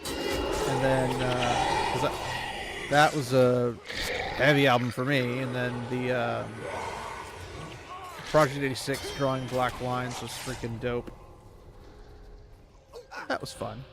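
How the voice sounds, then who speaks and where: A man's voice: mid-range voice, little pitch movement, takes it slowly, gravelly, long pauses, noisy background. A man streaming a video game, chatting casually and rambling with plenty of fillers. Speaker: gaming streamer. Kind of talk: casual chat while playing a video game.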